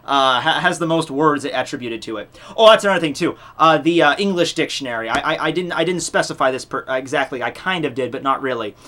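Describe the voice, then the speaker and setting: Young guy vlogging about his fan contest, kinda high bright voice, rambly, lots of ums and likes, swears a bit. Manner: rambling, many fillers and restarts, casual swearing. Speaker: YouTube channel host running a fan contest. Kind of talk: casual unscripted talk to viewers.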